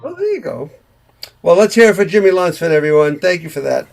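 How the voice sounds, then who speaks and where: Gravelly-voiced man hosting a show. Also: sits high, sing-song, brisk, faint music behind. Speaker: concert host. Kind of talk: casual chat.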